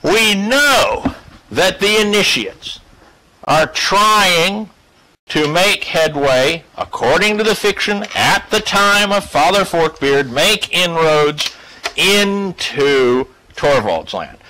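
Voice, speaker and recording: A man lecturing a class in a casual, swearing style. His voice is fairly high and bright, and it swings widely in pitch as he lays out his points slowly. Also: low-quality recording. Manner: profane, animated and emphatic. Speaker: class teacher.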